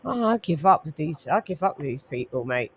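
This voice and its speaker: A woman's voice: deep voice, very animated, brisk, husky. Lady hosting a boxing stream, chatty, reads out the chat and says hi to people. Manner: chatty, reads chat aloud, greets viewers. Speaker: host. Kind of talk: casual livestream chat.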